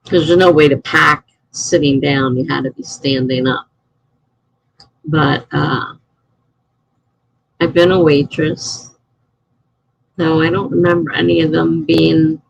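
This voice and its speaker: A woman's voice: low-pitched, steady tone, unhurried, gravelly, pauses often, breathy edge, rough recording. A middle-aged woman chatting casually on a live stream, answering chat messages and laughing often.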